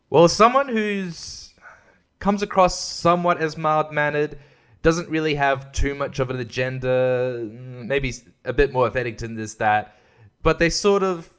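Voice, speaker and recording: A young man chatting alone on his podcast, his mid-pitched voice tumbling through restarts and half-finished thoughts. He talks loosely and freely, often breaking off with small laughs. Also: a little slow, fairly bright tone, smooth. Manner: rambling, self-interrupting, laughs often. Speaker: podcast host. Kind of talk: casual solo podcast chat.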